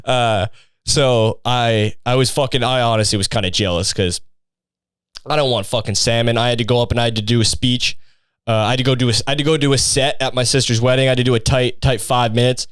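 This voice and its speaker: A young man rambles through a sarcastic, profane comedy monologue as a podcast host. His voice is smooth and clean. It is recorded close and dry. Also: medium pitch, steady tone, a little fast, fairly bright tone, dry recording.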